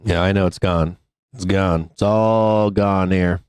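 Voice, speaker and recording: Male trading-show host, low pitch, smooth tone, swears and stalls with fillers, dry close sound. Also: fairly even intonation, darkish tone, no echo. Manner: angry, profane, halting with many fillers. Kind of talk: live trading commentary.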